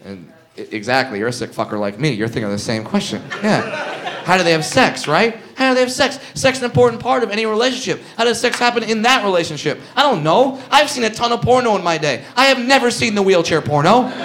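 A man's voice: sits high, lively intonation, quick pace, fairly bright tone. A man doing a crude, brash stand-up comedy set on a stage, acting out bits of dialogue. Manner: brash, crude, builds jokes with acted-out dialogue. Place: comedy stage with live audience.

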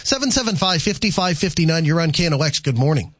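A man's voice: a little high, animated, fast talker, a bit bright, husky, no room sound. A man hosting a call-in radio show, thinking aloud and restarting his sentences as he works through answers. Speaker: radio talk show host.

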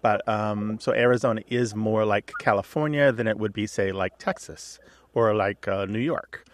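Chatty radio host explaining language. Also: male voice, fairly low pitch, normal speed. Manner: relaxed, chatty explainer with asides. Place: radio studio.

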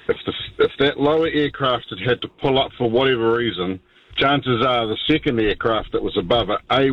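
Hesitant New caller on a dull line. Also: male voice, mid-range voice, no room sound. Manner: hesitant, explanatory, many ums. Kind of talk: talk radio call.

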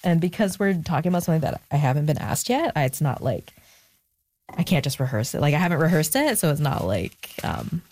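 A woman's voice: low voice, big pitch swings, fairly quick, darkish tone. A young adult woman speaking as an interview guest, reflective and thoughtful, with many fillers and moments of emotion. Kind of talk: casual interview conversation.

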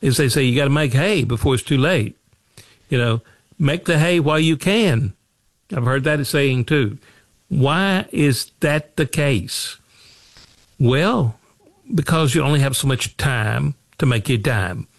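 A man's voice: medium pitch, animated, measured pace, dry recording. Man, finance talk show host, folksy, repeats himself, dry close sound. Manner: folksy, repeats phrases, asks rhetorical questions. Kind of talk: radio talk show monologue.

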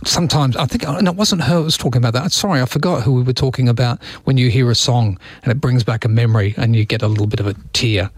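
A man's voice: mid-range voice, fast talker, hardly any pauses, breathy edge, dry recording. A middle-aged Australian man hosting an overnight radio show, chatting and joking with callers in a self-mocking way. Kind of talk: late-night radio chat with callers. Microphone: studio microphone.

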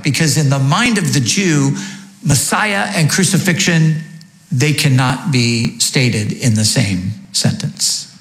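A man's voice: mid-range voice, a bit bright. Man preaching in an echoey room. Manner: teaching, posing questions then answering them. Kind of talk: sermon.

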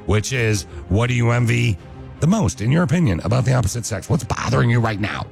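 A man's voice: mid-range voice, expressive, brisk, creaky, a little mellow, faint music behind. A man hosting a radio show, teasing his co-hosts and callers in casual banter. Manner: teasing, joking, mock-emotional.

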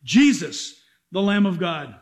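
Man preaching, very high voice, animated delivery, loud bursts and quiet asides, middle-aged. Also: slow pace. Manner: animated, swings from loud exclamations to low asides. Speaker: pastor. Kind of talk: sermon.

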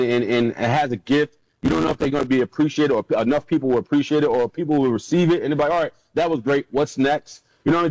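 Animated man telling stories, dry sound. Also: mid-range voice, dry recording, rough recording. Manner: animated storyteller who acts out quotes in a raised voice. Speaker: guest, former football player. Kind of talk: casual storytelling interview.

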